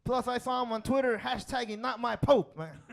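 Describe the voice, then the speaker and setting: A man's voice: extremely high pitch, brisk, vocal fry, crowd noise. A male stand-up comedian from Chicago, telling stories on a club stage and tagging his lines with "right?" and "man". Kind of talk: stand-up set.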